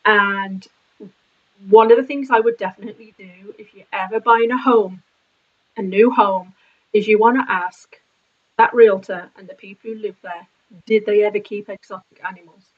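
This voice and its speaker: A woman vlogger telling a story in an animated, indignant way, swearing freely. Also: medium pitch, normal speed. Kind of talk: casual storytime vlog. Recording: slightly dull lo-fi sound.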